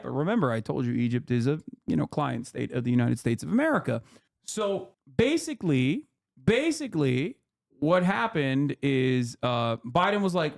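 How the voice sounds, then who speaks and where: A streamer host with a gravelly, medium-pitched voice gives casual but heated political commentary on a live stream, swearing frequently and breaking into emphatic outbursts.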